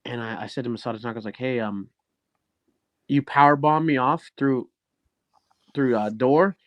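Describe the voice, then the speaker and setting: Man telling animated, profane wrestling stories. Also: mid-range voice, normal speed, no room sound, dull audio. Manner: animated, swears often, acts out quoted dialogue. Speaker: guest, professional wrestler. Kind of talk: casual storytelling interview.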